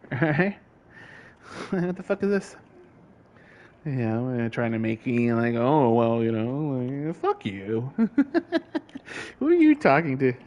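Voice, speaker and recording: An exasperated man rants with a slightly raised pitch in a casual vlog. He swears freely and keeps breaking into laughter. His talk runs loose and conversational, full of fillers and sudden jabs. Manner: exasperated, profane, laughing often. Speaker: vlogger. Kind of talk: casual ranting chat.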